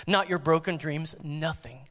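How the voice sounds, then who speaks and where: Male pastor, dynamic sermon delivery, loud to hushed, high-pitched voice. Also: unhurried, big-room sound.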